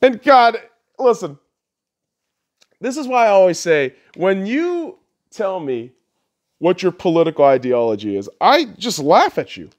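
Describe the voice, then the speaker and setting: A man's voice: high voice, big pitch swings, measured pace, long pauses. A man hosting a podcast, ranting bluntly and crudely, mocking his listeners and laughing at his own jokes. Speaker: podcast host. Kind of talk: profane solo rant.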